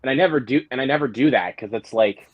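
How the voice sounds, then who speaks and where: A young man chats on a live stream, wandering through his stories with plenty of "like" and "um" and restarting his sentences. The sound is dry and close, with a slightly muffled, lo-fi mic. His voice sits at an ordinary pitch for a man. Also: fast talker, no room sound. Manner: rambling, many fillers and restarts. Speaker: host. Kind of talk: casual live-stream chat.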